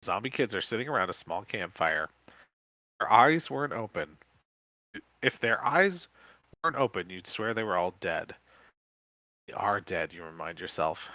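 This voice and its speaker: A man co-hosting a podcast, reading an interactive horror book aloud live with quick self-corrections. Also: fairly low pitch, pushed and bright, no room sound. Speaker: podcast co-host.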